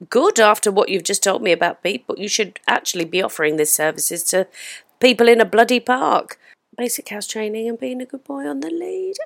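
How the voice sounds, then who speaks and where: Lively, bawdy English woman podcast host. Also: medium pitch, no echo, studio quality. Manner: bawdy, exclaiming, laughing at her own jokes. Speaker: podcast host reading listener messages. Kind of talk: casual comedic chat. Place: hotel room.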